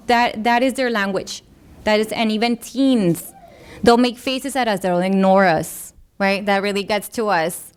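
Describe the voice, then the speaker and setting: A woman's voice: mid-range voice, moderate pace, smooth. A woman giving an informal, earnest talk to parents, slipping into the voices of parents and children as she quotes them. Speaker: parenting workshop presenter.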